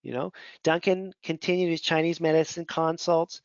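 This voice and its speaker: Male mentor, slightly high voice, chatty and meandering, dull lo-fi recording. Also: little pitch movement, moderate pace, creaky, clear, resonant tone, dry recording. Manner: conversational, rambling, many fillers. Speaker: functional medicine mentor. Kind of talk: casual teaching talk. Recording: dull lo-fi audio.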